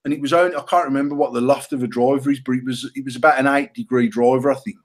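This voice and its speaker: A middle-aged British man co-hosting a casual podcast, telling an animated, self-mocking story full of swearing. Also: mid-range voice, rapid-fire. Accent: British English. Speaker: podcast co-host.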